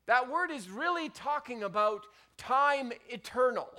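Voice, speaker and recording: A man pastor preaching a sermon in a conversational way, with many restarts and loud emphatic peaks. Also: extremely high pitch, animated, a little slow.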